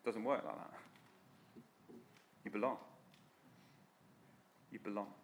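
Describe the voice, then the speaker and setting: A man's voice: on the low side, steady tone, slow pace, creaky, a little hiss or hum. A man preaching a sermon in an earnest, direct, exhorting way.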